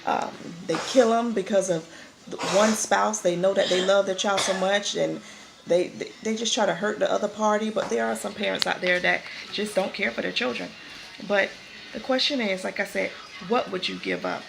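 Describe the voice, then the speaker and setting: A vlogger gives a casual faith talk in a medium-pitched voice with vocal fry, moving at a moderate pace. She speaks conversationally, repeating and restarting phrases, against a noisy background.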